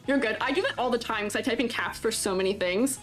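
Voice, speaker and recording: A woman with a fairly high voice talks briskly as she draws on stream, reviewing avatar designs. Faint music plays underneath her casual chat, where she laughs often, reads viewer comments out loud and teases the chat in a playful way.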